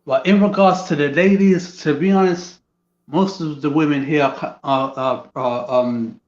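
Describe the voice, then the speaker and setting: A man's voice: a little high, fairly even intonation, unhurried, darkish tone, echoey room, muffled recording. A man, talking in a casual chat on a call, often stumbling and restarting his sentences. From England. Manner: hesitant, many restarts and fillers. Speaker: guest.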